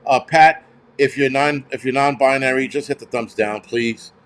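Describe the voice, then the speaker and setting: A man's voice: medium pitch, fairly even intonation, normal speed, smooth. A man hosting a show, ranting heatedly with lots of swearing and stumbling restarts. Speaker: host. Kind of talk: profane ranting commentary.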